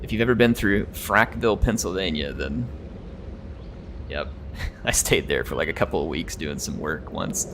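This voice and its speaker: A man's voice: low-pitched, lively intonation, moderate pace, noisy background. An American man with a near-neutral accent and a slight drawl, chatting in a rambling way while streaming a strategy game. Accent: General American, slight drawl. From United States. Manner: rambling and chatty, chuckles often. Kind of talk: casual live-stream chat.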